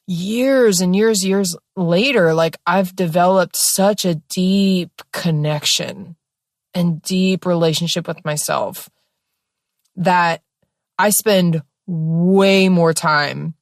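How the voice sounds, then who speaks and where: Woman, low-pitched, dry close recording, casual personal storytelling, expressive, filler-heavy. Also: slow pace, no echo. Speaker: podcast host.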